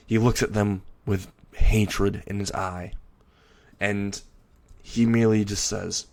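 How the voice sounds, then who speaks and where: A man casually improvising a dark fan story narration with blunt, crude wording. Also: fairly low pitch, level tone, slow pace.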